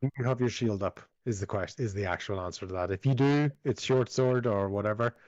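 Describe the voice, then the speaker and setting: Man game master, lowish voice, dry close sound, easygoing, muffled call audio. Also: a little fast, darkish tone, no echo. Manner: easygoing, affirming with repeated yeahs. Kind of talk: narrating and ruling a tabletop game. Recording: slightly dull lo-fi audio.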